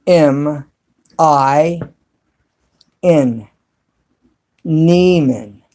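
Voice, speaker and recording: A man hosting a casual live stream from his cell phone, talking to viewers in the chat and spelling words out slowly and deliberately. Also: on the high side, darkish tone. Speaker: YouTube channel host live streaming.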